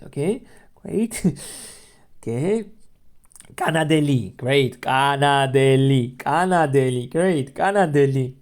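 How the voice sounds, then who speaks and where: Slow, mellow-voiced language teacher. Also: mid-range voice, lively intonation. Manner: patient, repeats each word several times as a drill. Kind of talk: beginner language lesson podcast.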